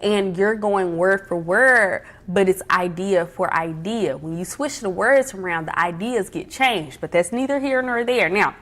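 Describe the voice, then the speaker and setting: A woman's voice: medium pitch, a little slow, hardly any pauses. Chatty woman hosting a livestream. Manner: emphatic, repeats key points, chatty and animated. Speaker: livestream host. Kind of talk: casual livestream talk giving life advice. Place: at home with her dog.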